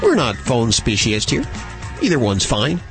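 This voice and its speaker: A man's voice: mid-range voice, huge pitch swings, a little slow, fairly bright tone, faint music behind. A man hosting a radio show, joking and bantering playfully with callers and co-hosts. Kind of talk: casual radio chat.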